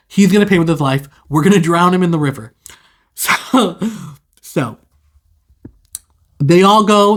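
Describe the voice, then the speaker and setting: A speaker casually retelling a fairy tale, rambling with chatty asides and self-corrections. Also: mid-range voice. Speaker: storyteller.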